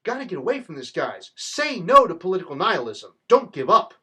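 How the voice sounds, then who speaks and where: Husky-voiced man giving a fervent political rant. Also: high voice, big pitch swings, brisk, bright, forceful tone. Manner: fervent, rallying, rhetorical. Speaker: political commentator. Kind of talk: impassioned political monologue.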